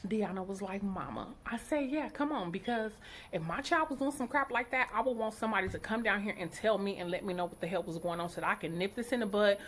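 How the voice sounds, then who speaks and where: A middle-aged woman, a mother, telling a story to her viewers in a casual, outspoken and animated way, acting out what each person said. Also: mid-range voice, quick pace, slight background noise. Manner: animated, outspoken, quotes people in character. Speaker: vlogger, mother.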